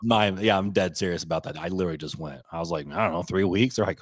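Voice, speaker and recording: A man's voice: deep voice, fast talker, husky. A man co-hosting a casual podcast, joking crudely and laughing often. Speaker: podcast co-host. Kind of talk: casual chat.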